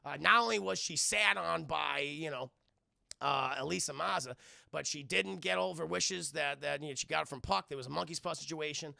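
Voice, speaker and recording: A man's voice: on the high side, normal speed, gravelly, bright, forceful tone, no room sound, clean studio sound. A man streaming a casual, crude, joking recap of a cartoon episode, talking to his chat.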